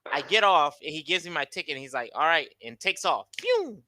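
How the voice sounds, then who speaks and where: An American man and English teacher chatting over a video call, telling animated travel stories with frequent laughs. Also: a little high, fast. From United States. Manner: animated storyteller, laughs often, acts out voices. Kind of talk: casual video-call conversation.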